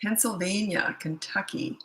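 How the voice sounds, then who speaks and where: Tired canadian lady chatting on a livestream, bright lowish voice, echoey room. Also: a little slow. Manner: chatty, reads out viewers' comments. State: tired, low energy. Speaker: parenting coach, livestream host. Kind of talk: casual livestream chat with viewers.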